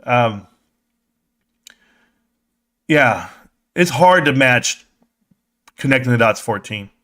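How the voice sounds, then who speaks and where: Brief: male live-stream host, mid-pitched, loose and chatty, gets worked up fast. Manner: excitable, swears casually, acts out quoted voices. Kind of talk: casual live-stream chat.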